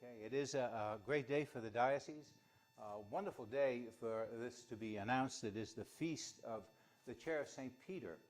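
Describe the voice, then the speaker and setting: Hesitant bishop welcoming the press. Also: male voice, mid-range voice. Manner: hesitant, many restarts and pauses. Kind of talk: welcoming remarks at a press conference.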